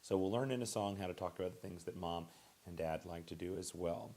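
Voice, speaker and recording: Low-voiced male teacher drilling vocabulary. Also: a little fast. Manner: repeats each word twice, stresses syllables clearly; relaxed, with fillers and restarts. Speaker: Russian language teacher. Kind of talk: recorded classroom vocabulary lesson.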